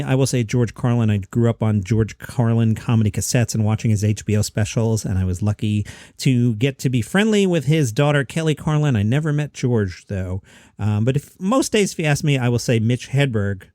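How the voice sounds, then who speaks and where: A man hosting a comedy news podcast, talking in a quick, chatty, self-mocking way. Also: medium pitch, a little mellow, no echo, studio quality. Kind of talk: casual comedy news commentary.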